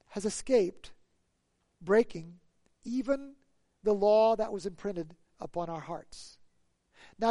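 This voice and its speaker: Preacher doing a storytelling sermon, mellow tone, dry close sound. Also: medium pitch, dry recording. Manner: storytelling, building to emphatic peaks; conversational, with rhetorical questions to the congregation.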